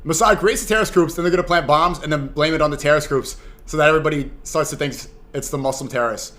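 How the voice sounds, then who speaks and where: A man's voice: on the high side, very fast, sharp tone. A young man streaming, reacting to clips and chatting casually with his viewers in a rambling way. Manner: rambling, talks to chat.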